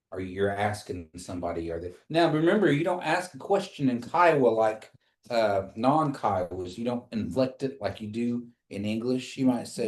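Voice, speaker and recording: A man teaching a language class, speaking slowly and patiently and repeating phrases for his students to say back. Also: mid-range voice, expressive, echoey room.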